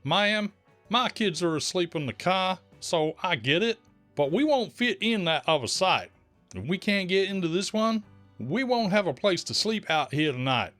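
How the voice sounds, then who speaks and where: A man's voice: high-pitched, sing-song, moderate pace, fairly bright tone, no echo, faint music behind, pitched above the performer's own voice. A man voicing a polite but firm young mother in a put-on Oklahoma Southern accent, sugary in manner. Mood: pleading firm. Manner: sugary politeness turning blunt.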